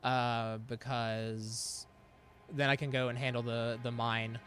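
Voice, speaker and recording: A man's voice: medium pitch, little pitch movement, takes it slowly, fairly bright tone, faint music behind. Chatty man laughing through gameplay. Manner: chatty, laughs often, talks back at the game. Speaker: gameplay streamer. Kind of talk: casual gameplay commentary.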